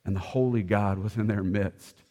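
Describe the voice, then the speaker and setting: A man preaching a sermon, swinging between loud, ringing declarations and hushed, soft passages. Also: on the low side, fairly even intonation, normal speed, big-room sound. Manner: impassioned preaching, swelling loud then dropping soft. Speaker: pastor.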